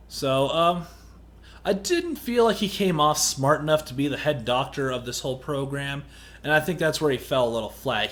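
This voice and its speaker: A man casually reviewing a movie in a rambling, candid way and swearing now and then. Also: mid-range voice. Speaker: film reviewer.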